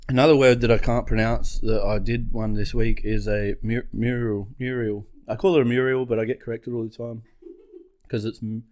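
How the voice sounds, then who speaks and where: A man's voice: on the low side, fairly even intonation, a little fast, darkish tone. A man co-hosting a podcast with his brother, in casual, rambling banter that is full of swearing and self-mockery. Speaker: podcast co-host.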